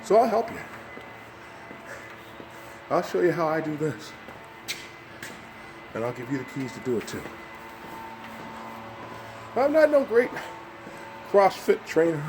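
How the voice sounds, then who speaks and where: A man's voice: a little high, big pitch swings, slow, long pauses, darkish tone, a little hiss or hum. An older man doing a motivational fitness vlog while climbing stairs, slightly winded, upbeat and coaxing as he talks straight to viewers. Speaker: fitness vlogger.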